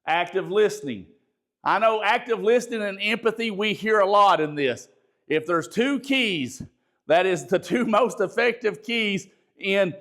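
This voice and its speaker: Middle-aged male bishop leading a class, naturally loud and emphatic, pitched high for a man. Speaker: bishop teaching a ministry training session. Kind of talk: spoken teaching lecture.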